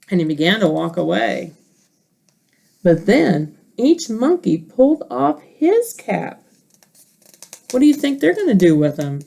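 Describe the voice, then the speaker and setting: Slow, lively woman reading a picture book. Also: mid-range voice. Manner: expressive, asks listeners questions. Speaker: teacher.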